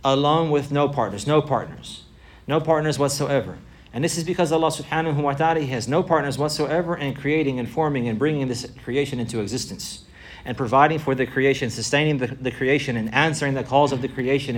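Male religious teacher, rapid delivery, repeats phrases for emphasis, quick Arabic recitation. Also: medium pitch. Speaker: Islamic teacher. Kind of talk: religious lesson.

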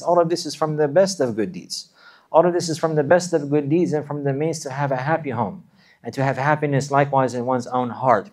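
A man preaching a sermon, earnest and repetitive, often restating phrases for emphasis. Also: fairly high pitch. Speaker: Islamic preacher.

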